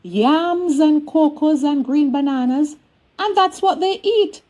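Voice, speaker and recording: A woman with a high voice reads a short story aloud. She tells it as a young girl would, chatty and childlike, addressing her mother. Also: lively intonation, slow, mellow, poor audio. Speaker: reader.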